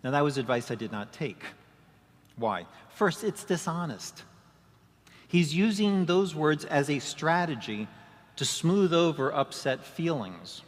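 A man's voice: fairly high pitch, big pitch swings, measured pace. Man preaching in a reverberant hall. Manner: rhetorical questions, acts out quoted excuses. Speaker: pastor. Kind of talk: sermon.

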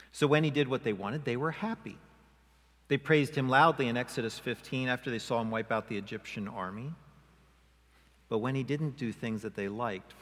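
A male pastor preaching a sermon, expressive, often acting out quoted voices with rising emphasis. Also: medium pitch. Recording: long hall reverb.

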